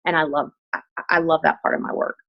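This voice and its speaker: A woman's voice: low voice, flat delivery, quick pace, dull audio. A woman Pilates instructor chatting as a guest on a video call, earnest and heartfelt, often restarting her sentences. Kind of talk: casual chat on a video call.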